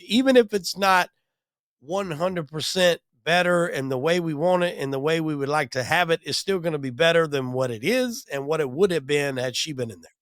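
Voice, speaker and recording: A man hosting a podcast speaks in casual, blunt bursts, swearing freely as he gives his opinions. His voice is a little higher than most men's. The sound is dry and close, with no room echo. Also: a bit bright. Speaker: host.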